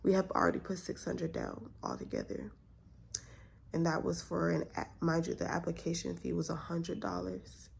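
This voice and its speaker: A woman's voice: on the low side, big pitch swings, normal speed, gravelly, slight background noise. A young woman vlogger telling a story in a casual, exasperated way, full of rhetorical questions.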